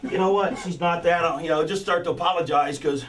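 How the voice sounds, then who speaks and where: Male wrestler, slightly high voice, rambling and profane, heard from a distance backstage. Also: brisk, slight background noise. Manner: rambling, profane, full of fillers and restarts. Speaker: wrestler planning a match backstage. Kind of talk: backstage planning talk.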